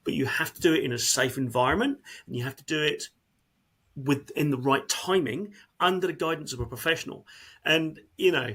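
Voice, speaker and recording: Husky-voiced man, halting and earnest. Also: on the high side, fairly bright tone. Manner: earnest, halting, repeats words often. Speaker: emergency service worker, interview guest. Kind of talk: candid conversational interview.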